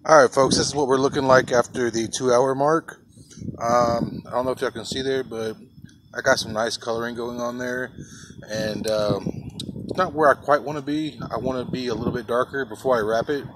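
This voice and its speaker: A man's voice: medium pitch, steady tone, moderate pace, background noise. A man hosting a casual barbecue cooking vlog outdoors, chatty and folksy, talking to his viewers as folks and y'all. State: coughing from pepper rub. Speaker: barbecue channel host. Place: outdoors by a smoker.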